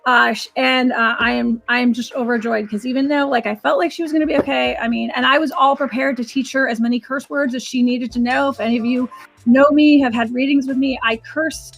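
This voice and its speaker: High, gravelly woman psychic host. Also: steady tone, fairly quick, faint music behind. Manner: chatty, rambling, restarts sentences. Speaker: psychic and animal communicator host. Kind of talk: live-stream reading session.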